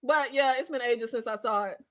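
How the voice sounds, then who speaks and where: A woman reviewing a TV series in a casual live chat, blunt and slangy, getting worked up, yelling and laughing at her own jokes. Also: a little high, fairly quick. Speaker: show reviewer.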